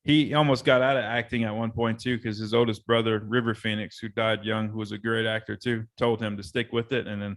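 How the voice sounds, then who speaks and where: A man's voice: fairly low pitch, fairly even intonation, brisk, few pauses. A man hosting a podcast, tipsy and rambling in casual chat, swearing now and then. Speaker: podcast host.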